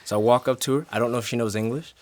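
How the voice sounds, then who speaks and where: A man in a band telling a story in an interview, lively, with big swings in pitch and volume. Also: racing. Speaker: band member.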